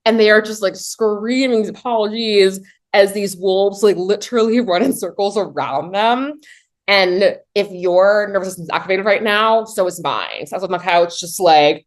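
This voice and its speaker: A woman giving a casual comedic movie recap, talking in a chatty, animated way with lots of "like" and dry low asides. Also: moderate pace. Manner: chatty and animated, heavy use of "like"; swings between excited high pitch and low deadpan asides.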